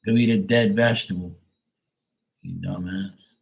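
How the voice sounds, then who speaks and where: Dude on a livestream just chatting, cussing a lot, talks back to commenters. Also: male voice, deep voice, fairly even intonation, measured pace, gravelly. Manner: profane, blunt, talks back to viewers. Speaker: livestream host. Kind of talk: casual livestream chat.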